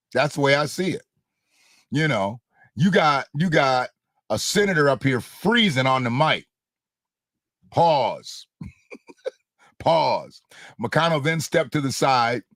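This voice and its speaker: A man's voice: medium pitch, fairly bright tone, no echo, clean studio sound. A man hosting casual political commentary, blunt and slangy, mocking and repeating phrases for emphasis. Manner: blunt, slangy, mocking, laughs at own jokes. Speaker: host.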